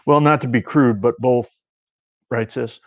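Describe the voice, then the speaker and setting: A man's voice: mid-range voice, fairly even intonation, a little slow, no echo, muffled recording, natural voice. A man voicing a feisty, blunt middle-aged sister from a small town, talking with brash exasperation. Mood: exasperated. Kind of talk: audiobook reading.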